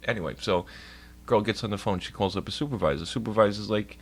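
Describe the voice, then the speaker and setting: A man's voice: lowish voice, fast, breathy edge. A young man streaming live from home at his computer, telling a long, profane, complaining story to his chat. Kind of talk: casual rambling rant to a stream chat.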